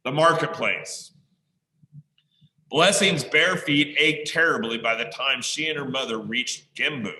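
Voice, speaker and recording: A male teacher reading a story aloud to an online class, pausing often to ask the listeners questions. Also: mid-range voice, sharp tone. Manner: slow, pausing to quiz listeners. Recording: echoey room sound.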